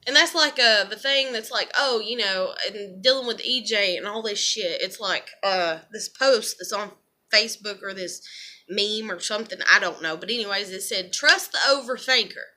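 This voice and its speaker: A woman's voice: mid-range voice, normal speed, pushed and bright. A woman, talking through her feelings in a rambling, emotional monologue full of swearing. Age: 30s. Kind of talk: confessional vlog monologue.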